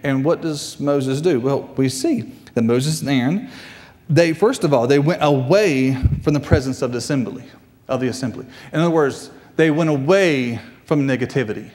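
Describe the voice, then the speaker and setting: A man preaching a sermon as a guest preacher, repeating phrases and swinging his pitch. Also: normal speed, darkish tone. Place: church sanctuary. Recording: church hall reverb.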